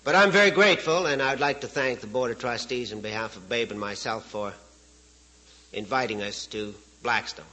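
A man's voice: mid-range voice, normal speed, bright, forceful tone, low-quality recording. A man from Saskatchewan, giving a speech as a guest speaker in a folksy, joking way and chuckling at his own stories. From Canada, Saskatchewan. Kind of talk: storytelling speech to an audience.

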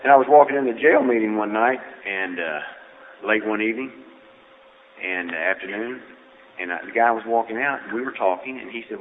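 A man's voice: on the low side, brisk. A man giving a personal testimony at a recovery meeting, telling his story in a folksy, humorous way. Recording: tinny phone-like audio with faint noise.

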